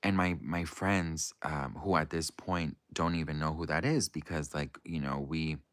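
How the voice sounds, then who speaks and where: A man's voice: rumbling low, steady tone, a little slow, fairly bright tone, dry recording, studio quality. A young American man on a livestream, telling a long personal story to his chat in a rambling way full of fillers. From United States. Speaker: livestream host. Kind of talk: casual storytelling to a live chat.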